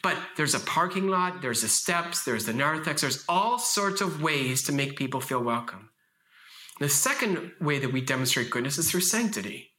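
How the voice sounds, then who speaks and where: A man in his thirties giving an impassioned, emphatic talk at a faith conference, telling stories with lively vocal shifts. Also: on the high side, moderate pace. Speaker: conference speaker.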